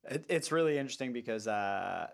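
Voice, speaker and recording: A man's voice: medium pitch, animated, a little fast, vocal fry. Chatty male podcast host. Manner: chatty, self-deprecating, asks clarifying questions. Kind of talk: conversational podcast interview.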